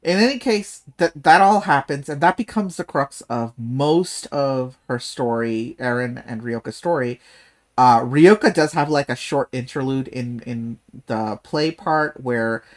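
A man talks through a book's plot on a podcast in a casual, animated way. He leans on sarcasm, laughs easily and swears freely while recapping. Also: medium pitch, measured pace. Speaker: podcast co-host. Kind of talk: casual book discussion.

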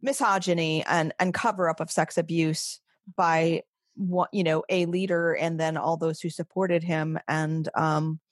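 A middle-aged woman speaks as a guest in a conversational interview, her voice a little low. She talks haltingly, restarting her sentences and laughing softly between thoughts. The sound is dry and close, with no room around it. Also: little pitch movement, no room sound.

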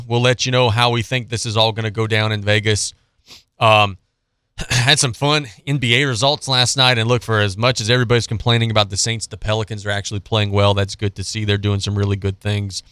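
A man's voice: mid-range voice, sharp tone, clean tone, no room sound, clean studio sound. A man hosting a sports radio show, ranting bluntly and sarcastically about a football team before reading out betting picks. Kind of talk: opinionated sports talk monologue.

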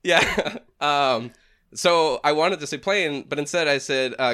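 Bright-voiced New England man. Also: a little high, a little slow, clean tone. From New Hampshire, USA. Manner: rambling, laughs often, self-mocking. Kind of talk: casual chat.

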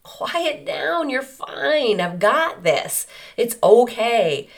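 A woman voicing God as a calm, fatherly figure reassuring a panicked person. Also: a little high, very slow, vocal fry, voice pushed up, heavily acted. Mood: exasperated soothing.

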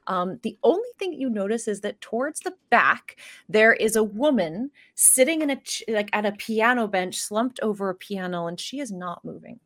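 A woman's voice: medium pitch, animated, moderate pace. Woman game master narrating a scene. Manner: descriptive, with many fillers. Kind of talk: narrating a tabletop horror game.

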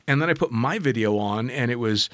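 A middle-aged man swaps skydiving stories in a loose, casual chat, swearing freely. His pitch rises and falls with animated energy. The sound is dry and close. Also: fairly quick, dry recording. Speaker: podcast host, skydiving instructor.

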